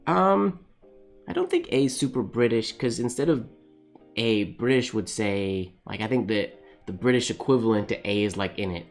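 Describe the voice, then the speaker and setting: A man's voice: fairly low pitch, expressive, normal speed, faint music behind. A man hosting a live calligraphy stream, chatting casually and thinking aloud as he writes, laughing often and answering viewers. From Canada. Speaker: calligraphy livestream host. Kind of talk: casual chat while writing live.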